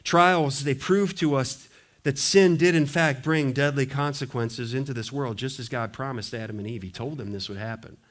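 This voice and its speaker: A male pastor preaching an earnest sermon, swinging between emphatic lines and quiet ones. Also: mid-range voice, normal speed.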